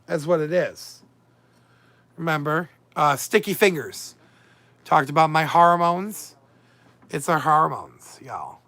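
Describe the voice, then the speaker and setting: A man's voice: a little high, expressive, takes it slowly, creaky, long pauses, pushed and bright, dry recording. A man hosting a casual livestream, chatty and emotional, swinging between moods as he reads and answers his viewers' comments. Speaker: livestream host.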